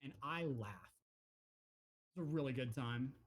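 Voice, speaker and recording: A man co-hosting a casual podcast, retelling his video game exploits with lively acted-out dialogue. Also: mid-range voice, measured pace. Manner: animated storyteller, acts out game characters' lines. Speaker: podcast co-host. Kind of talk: casual gaming chat.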